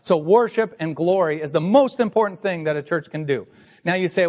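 A man's voice: on the high side, fairly quick, darkish tone, big-room sound. A man pastor preaching an emphatic, teacherly sermon to his congregation in a church sanctuary.

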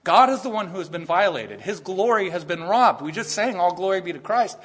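A man's voice: sits high, sing-song, a little fast, a bit bright, husky. A man preaching a sermon in an earnest, conversational way, rising to emphatic points. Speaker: pastor.

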